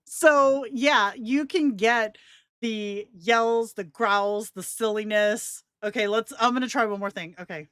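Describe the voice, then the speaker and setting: A woman's voice: a little high, slow pace, a bit bright, smooth, dry recording, clean studio sound. A woman hosting a casual live stream, giggly and enthusiastic as she talks to her viewers.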